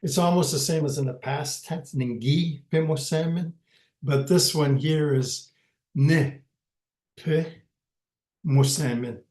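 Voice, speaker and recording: A man teaching a language lesson in a slow, patient way, repeating each word and checking in with "okay" as he goes. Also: on the high side, fairly even intonation, darkish tone, reverberant.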